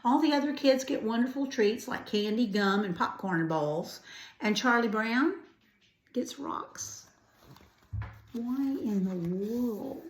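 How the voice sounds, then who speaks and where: Slow older woman reading a storybook. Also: a little high, expressive. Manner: gentle, adds chatty asides. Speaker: grandparent storyteller. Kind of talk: storybook read-aloud. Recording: roomy echo.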